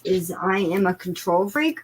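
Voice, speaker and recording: A middle-aged woman with a Boston accent, talking in a casual group chat, expressive and exasperated. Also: fairly low pitch, a crowd in the background, rough recording. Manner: expressive, exasperated, quick to laugh.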